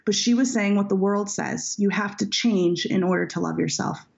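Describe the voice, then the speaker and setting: A woman speaking with a gravelly, creaky edge at a middle pitch, sharing her story candidly and earnestly. The audio is dull and lo-fi. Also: normal speed. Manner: reflective, heartfelt, earnest. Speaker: author being interviewed.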